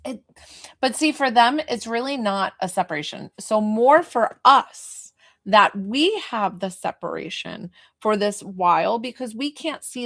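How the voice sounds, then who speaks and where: A woman's voice: mid-range voice, fairly bright tone. A woman working as a psychic medium, giving a live reading in a rambling, hesitant way with many fillers and restarts. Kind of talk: live spirit reading to a viewer.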